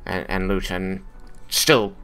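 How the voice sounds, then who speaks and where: A man narrating a tabletop game as game master, halting, with many restarts and fillers. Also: low-pitched, fairly even intonation, fairly bright tone, clean tone, soft background music.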